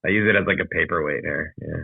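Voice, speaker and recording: Deep-voiced man on a tinny call. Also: fast talker, gravelly, slightly rough, no room sound. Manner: rambling, stammering restarts, laughs easily. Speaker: podcast co-host and comedian. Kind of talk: casual comedic chat. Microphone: video call from home. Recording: tinny video call line, dry.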